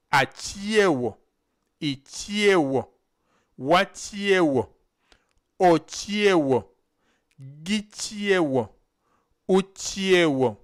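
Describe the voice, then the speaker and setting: A man teaching vocabulary on a live stream, saying each word syllable by syllable and having a learner repeat after him. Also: sits high. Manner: drills words syllable by syllable, then has the learner repeat. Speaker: language teacher.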